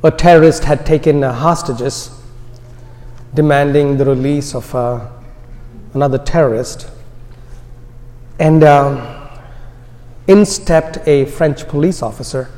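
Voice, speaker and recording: A man with an Indian American accent and a fairly high voice preaches an Easter sermon in a church, speaking slowly and deliberately and letting his phrases trail off softly. The long reverb of a large hall surrounds him.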